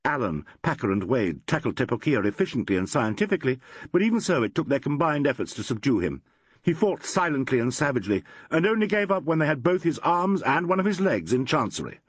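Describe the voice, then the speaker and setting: A man narrating a classic crime novel as an audiobook, reading in a measured, expressive way. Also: mid-range voice, dry recording.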